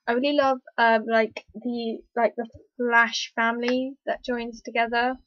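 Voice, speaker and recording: A woman talking casually in a review vlog, rambling and hesitant with lots of fillers, an excitable fan. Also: a little high, a little slow, a little hiss or hum. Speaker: TV episode reviewer. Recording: dull lo-fi, dry recording.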